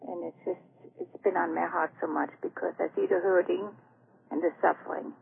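A woman calling in to a radio show, speaking in a hesitant, halting, heartfelt way. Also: fairly low pitch, fairly even intonation, vocal fry. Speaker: caller. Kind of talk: radio call-in conversation. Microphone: telephone. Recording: tinny phone line with faint noise.

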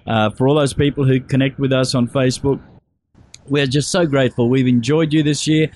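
A man hosting a relaxed radio show, his voice at an ordinary middle pitch. He jokes and teases his callers and often breaks into laughter. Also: brisk, a little hiss or hum. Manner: jokey, teasing, laughs often. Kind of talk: casual radio chat.

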